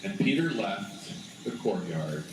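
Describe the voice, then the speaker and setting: Chapel speaker, man, casual storytelling sermon, unhurried delivery, distant mic, huge chapel echo. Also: fairly low pitch, very animated. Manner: casual, conversational, prompts the audience to join in. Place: school chapel. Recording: very echoey chapel from afar, noisy.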